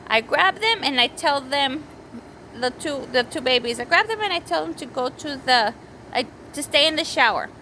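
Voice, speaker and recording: Her voice sits high, with an animated, sharp tone at normal speed, and the rough recording carries a little hiss or hum. A woman in her thirties recounts her week at home in a casual vlog, rambling, correcting herself, and breaking off to scold the kids around her.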